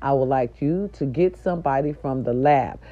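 Older woman, low voice, profane indignant storytime rant, lo-fi dull sound. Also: moderate pace. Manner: profane, loud and indignant, addressing viewers directly. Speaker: nurse's aide and grandmother. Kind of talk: animated storytime rant to camera.

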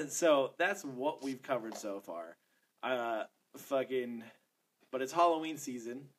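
A man's voice: mid-range voice, takes it slowly, a little hiss or hum. A man in his thirties co-hosting a podcast, chatting casually and telling stories with lots of swearing. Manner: profane, rambling, animated storytelling. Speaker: podcast co-host. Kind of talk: casual chat.

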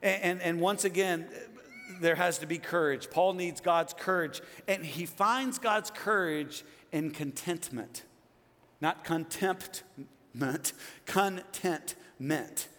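A man in his fifties preaching a sermon as pastor, swinging between loud exclamations and hushed emphasis. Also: sits high, unhurried. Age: 50s. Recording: long hall reverb.

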